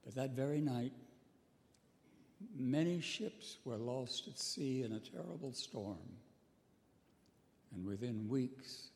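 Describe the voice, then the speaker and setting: A man telling a moral tale as a sermon, measured and solemn, with dramatic pauses, and acting out a captain's lines. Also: darkish tone. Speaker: storyteller, preacher. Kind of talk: storytelling sermon. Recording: echoey hall with faint rumble.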